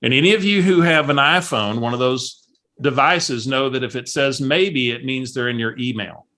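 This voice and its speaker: A man coaching on a call, telling a story in an animated way and acting out the voices of the people in it. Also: medium pitch, moderate pace. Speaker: real estate coach.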